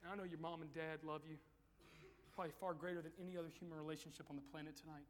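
A man preaching a sermon at a youth event, swinging from quiet pleading to shouted climaxes. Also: a little high, level tone, rapid-fire. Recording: echoey hall.

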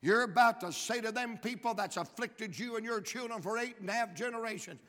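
Southern preacher from Georgia, man, bright high voice, comic stories rising to shouts, big hall reverb. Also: a little fast. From Georgia, USA. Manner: humorous storytelling building to shouted climaxes. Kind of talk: sermon.

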